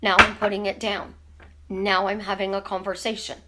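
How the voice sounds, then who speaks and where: A woman coaching her viewers in a casual live stream, talking with her hands and firing off rhetorical questions. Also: medium pitch. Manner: animated, talks with her hands, asks rapid rhetorical questions. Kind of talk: casual teaching monologue. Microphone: camera in front of her.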